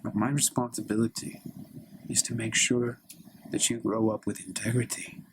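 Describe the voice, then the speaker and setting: A man voicing a stern, moralizing middle-aged father who lectures in a hushed, often whispery voice, in a solo improvised comedy scene. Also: medium pitch, little pitch movement, moderate pace, background noise, natural voice.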